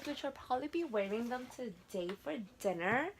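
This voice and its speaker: A woman's voice: on the high side, expressive, normal speed, slight background noise. A woman in her twenties with a Spanish accent, chatting to camera in a casual haul vlog, gushing and repeating words for emphasis. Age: 20s. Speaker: vlogger.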